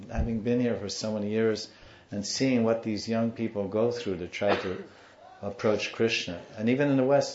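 A man giving a devotional talk as a spiritual teacher, telling stories and acting out the people in them. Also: medium pitch. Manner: animated storyteller, acts out the people in his story. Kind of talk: devotional storytelling lecture. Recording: dull roomy recording.

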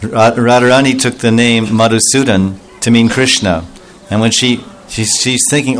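A man's voice: medium pitch, steady tone, moderate pace, fairly bright tone. A man telling a devotional story as a sermon, acting out the voices of its characters with rising emotion. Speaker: spiritual storyteller.

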